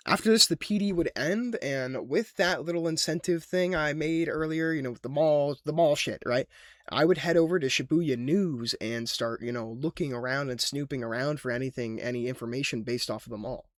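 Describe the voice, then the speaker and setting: A young man rambles through a gaming recap in loose slang, swearing freely. His voice sits a little high for a man. The sound is dry and close, with no room around it. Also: moderate pace, no room sound. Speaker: gaming YouTuber. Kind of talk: casual game recap narration.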